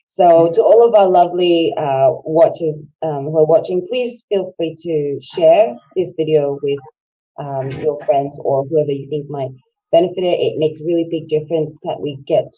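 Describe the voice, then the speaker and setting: Woman co-host, chatty, giggly, dark husky tone, dull lo-fi sound. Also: deep voice, measured pace. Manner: warm, chatty, laughs often. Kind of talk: casual online chat.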